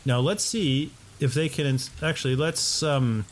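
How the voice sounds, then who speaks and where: A man's voice: mid-range voice, unhurried, slight background noise. A man giving casual, chatty commentary while playing a game at home, often talking to himself and his game characters. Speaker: let's play host. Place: home condo.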